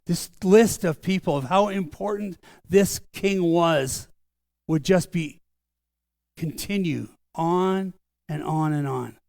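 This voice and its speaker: An older man preaching a sermon as pastor, earnest and conversational, slowing down for solemn lines. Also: a little high, gravelly, a little mellow, no echo, clean studio sound. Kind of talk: sermon storytelling. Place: church sanctuary.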